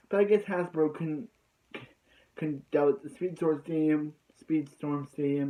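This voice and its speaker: Rambling man recapping, mellow voice. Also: medium pitch, poor audio. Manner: rambling, full of "so yeah" fillers. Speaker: anime episode reviewer. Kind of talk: casual spoken episode recap.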